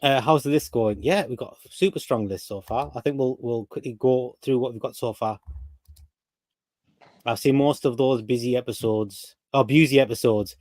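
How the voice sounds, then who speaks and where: A podcast host from North East England, with a medium-pitched, darkish voice at normal speed, leads a casual chat. He runs through lists, rambling and restarting as he goes, and the recording is dry.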